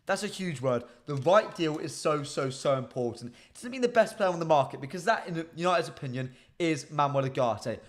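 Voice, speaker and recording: A man presenting a football live stream, chatting casually, reading viewer comments and repeating key phrases for emphasis. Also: fairly high pitch.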